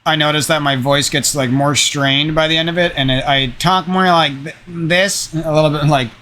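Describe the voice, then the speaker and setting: A man's voice: on the high side, fairly even intonation, normal speed, bright, forceful tone, slight background noise. Rambling, swearing young man, slightly nasal. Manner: meandering, profane, ranting. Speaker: gaming channel host. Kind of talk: casual rambling chat.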